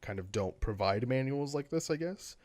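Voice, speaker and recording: A man's voice: medium pitch, animated, normal speed, darkish tone, dry recording. A man co-hosting a gaming podcast, talking in a loose, rambling way full of fillers and restarts. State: has the hiccups. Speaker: podcast co-host. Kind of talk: casual chat.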